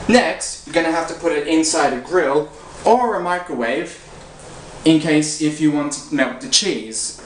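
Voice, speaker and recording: A man presenting a cooking demonstration segment, talking the viewer through each step in a steady, instructional way. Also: on the high side. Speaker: cooking correspondent. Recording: echoey room with faint noise.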